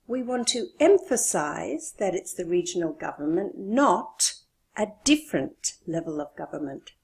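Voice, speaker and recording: Slow, expressive woman teaching English. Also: on the low side. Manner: slow, deliberate, stresses key words. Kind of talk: scripted lesson explanation.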